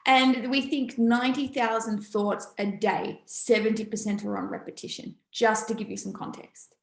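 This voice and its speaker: A calm woman co-hosting a podcast, matter-of-fact in casual chat. Her voice sits a little high and echoes in a roomy space. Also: moderate pace, gravelly. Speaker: podcast co-host.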